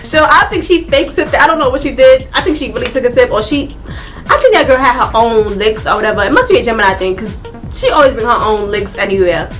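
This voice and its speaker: A young woman telling a casual storytime vlog, animated and laughing often, talking straight to her viewers. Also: a little high, fast, soft background music. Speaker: vlogger.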